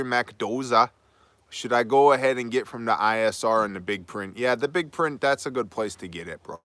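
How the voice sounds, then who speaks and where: A man's voice: mid-range voice, pushed and bright, clean tone, no echo. A man hosting a casual live stream, rambling jokingly through viewer names and putting on a folksy northern Midwest accent for fun.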